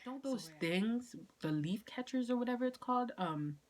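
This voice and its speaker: A woman's voice: fairly high pitch, a little fast. A young woman telling a casual storytime vlog, acting out quoted lines with whispers and laughter. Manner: animated, acts out quotes, frequent laughs and whispers. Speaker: vlogger.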